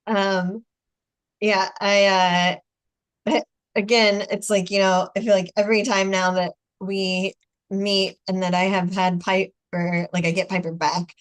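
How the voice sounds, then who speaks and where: A chatty American woman in her forties talks over a video call. She spins anecdotes, breaks into laughter often and acts out both sides of a conversation. Her pitch sits in an ordinary middle range. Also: flat delivery, measured pace. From United States. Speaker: host. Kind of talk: casual chat on a video call.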